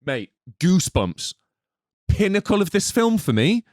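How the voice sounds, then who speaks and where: Excitable man, lively pitch. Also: a little slow, no room sound, clean studio sound. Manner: excitable, swearing, acts out scenes. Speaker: podcast co-host. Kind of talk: casual movie review chat.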